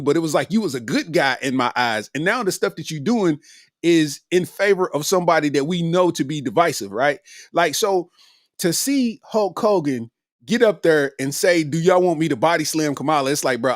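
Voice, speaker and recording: A man's voice: a little high, no echo, clean studio sound. A man hosting a comedy podcast, riffing in a loose, slangy monologue and laughing often.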